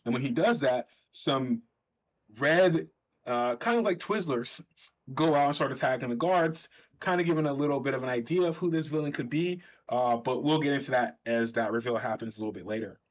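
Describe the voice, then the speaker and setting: A man's voice: mid-range voice, a little fast. A man chatting enthusiastically as he recaps a comic book, correcting himself as he goes, on a slightly dull recording.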